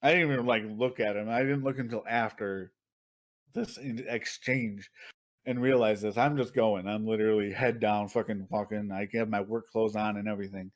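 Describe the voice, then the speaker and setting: A young man with a lowish, steady voice co-hosts a podcast at normal speed. He chats casually, laughing and swearing as he tells loose stories.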